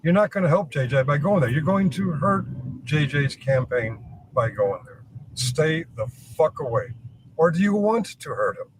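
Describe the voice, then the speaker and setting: A man's voice: fairly high pitch, expressive, normal speed, a little hiss or hum, rough recording. A man ranting to the camera, arguing his point over and over with plenty of swearing. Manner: preachy, argumentative, swearing. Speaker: streamer.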